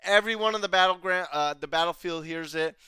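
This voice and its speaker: A man's voice: high-pitched, a little fast, bright, forceful tone, clear, resonant tone, no room sound. A young man casually recapping an anime episode, rambling with lots of fillers, swearing and laughing. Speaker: anime reviewer.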